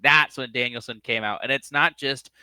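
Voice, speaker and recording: Bright, animated wrestling podcast man. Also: normal speed, clear, resonant tone, dry recording. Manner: animated, acts out quotes in high voices. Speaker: podcast co-host. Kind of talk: casual wrestling review chat.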